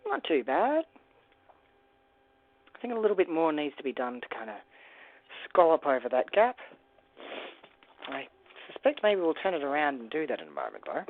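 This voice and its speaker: A host casually narrating a toy brick build, rambling through playful asides and quiet mumbles to themself. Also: medium pitch, huge pitch swings, moderate pace, long pauses. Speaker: LEGO builder and channel host. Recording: dry, tinny phone-like sound.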